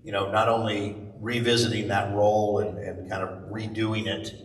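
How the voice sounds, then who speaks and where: A middle-aged man, a voice actor appearing as a convention panel guest, tells lively anecdotes during a live Q&A, jumping high in pitch for the voices he quotes. His voice is lowish and his speed normal. The mic picks him up from afar in a large, echoey convention hall, with faint hiss.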